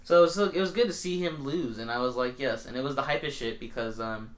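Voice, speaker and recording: Fast-talking man telling stories casually. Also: mid-range voice. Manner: swearing, animated storytelling. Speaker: podcast co-host. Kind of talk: casual chat.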